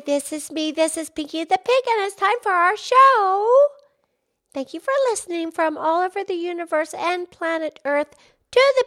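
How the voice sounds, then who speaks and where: A woman voicing a cheerful, excitable young pig who hosts a children's podcast, talking with eager bursts of excitement. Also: very high-pitched. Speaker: podcast host.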